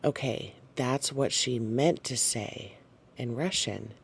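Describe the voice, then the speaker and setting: A man shares a dream with his audience at an unhurried pace, pausing often on fillers and apologizing as he goes. His voice has a gravelly texture, and his delivery stays soft and hesitant. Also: medium pitch, a little hiss or hum. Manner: halting, soft-spoken, frequent fillers and apologies. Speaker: channel host sharing a dream. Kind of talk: casual spoken dream recounting.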